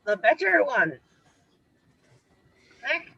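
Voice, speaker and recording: A woman playing a tabletop role-playing game, explaining her moves in an unhurried way. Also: high-pitched, sing-song, creaky, pushed and bright, breathy edge, no room sound, dull audio. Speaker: player.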